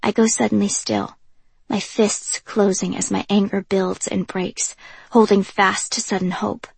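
A woman narrating a first-person audiobook in a soft, even reading voice. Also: mid-range voice, a little slow, creaky, breathy edge, dry recording.

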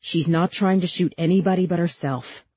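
A woman reading an audiobook voices a calm, steady man who talks firmly and soothingly. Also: fairly low pitch, moderate pace, breathy edge, muffled recording.

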